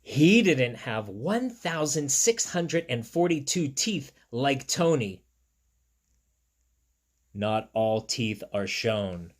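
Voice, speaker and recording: A man reads a picture book aloud to young children, pausing for friendly asides and counting details on the page. His pitch leaps around expressively, and he takes his time. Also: lively intonation. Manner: chatty, talks straight to young listeners; playful asides and counting along. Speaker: teacher reading to children.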